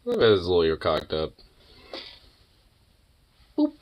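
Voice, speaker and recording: A man's voice: deep voice, wildly swooping pitch, very slow, pauses often, fairly bright tone. A man chatting to his pet dog in teasing baby talk, mixing cooing with swearing. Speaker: pet owner vlogger.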